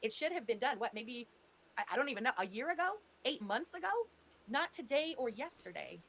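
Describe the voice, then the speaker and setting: A woman's voice: on the high side, sing-song, fairly quick, gravelly, fairly bright tone, a little hiss or hum. A woman hosting a commentary show, reacting to a clip with sarcastic, incredulous remarks. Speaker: host, commentary channel.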